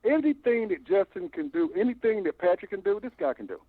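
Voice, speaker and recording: An older man calling in by phone to a fan show, talking in a long, animated, stammering rant. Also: high-pitched, a little fast, no room sound. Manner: animated, repeats himself, stammering restarts. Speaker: phone-in caller. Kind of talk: rambling call-in rant. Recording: tinny phone line, dry.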